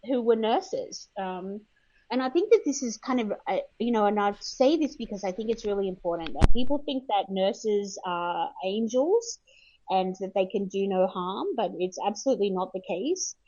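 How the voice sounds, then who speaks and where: A woman's voice: mid-range voice, expressive, normal speed, warm tone, muffled recording, slight background noise. A woman from Australia, a guest historian, answering interview questions in a chatty way with frequent fillers and laughs.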